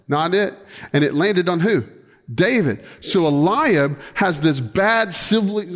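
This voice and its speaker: A man preaching a sermon, retelling a scripture story with lively acted-out quotes and casual slang asides. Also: fairly high pitch, in a large hall. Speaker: pastor.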